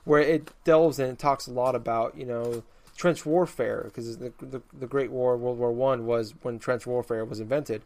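In a relaxed chat, a man with a darkish, middle-range voice speaks at normal speed with fairly even intonation. His explanation meanders, with frequent stumbles and many fresh starts.

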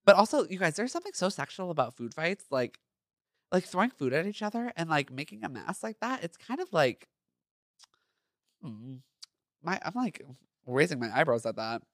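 A man's voice: fairly high pitch, very animated, brisk, no room sound, clean studio sound. A man hosting a podcast, reading his own fan fiction aloud and breaking off into campy, sassy asides. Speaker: podcast host.

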